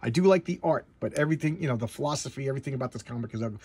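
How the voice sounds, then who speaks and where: Husky man rambling about comics. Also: mid-range voice, racing, mellow. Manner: rambling, stumbling restarts; blunt and opinionated. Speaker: comic book reviewer. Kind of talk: casual comic book commentary.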